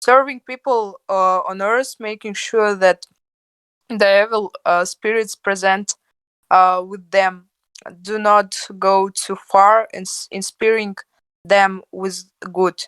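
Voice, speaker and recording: A woman reading a religious text aloud in English on an online book club call, careful and pausing often with uh. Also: medium pitch, steady tone, a bit bright, clean tone, no echo, low-quality recording. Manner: careful, filled with uh pauses. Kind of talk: reading aloud with halting pauses.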